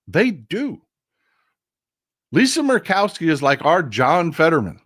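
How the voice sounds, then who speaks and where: A man hosting a casual political livestream, talking straight to his viewers in a profane, animated way and calling them folks. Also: a little high, slow, no room sound, clean studio sound. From Texas. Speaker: political commentary host.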